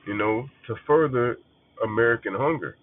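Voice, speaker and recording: A mid-range male voice at normal speed, with no room sound, comes through a phone-like narrow band. He's a preacher teaching scripture casually and bluntly, full of profanity and insistent repetition.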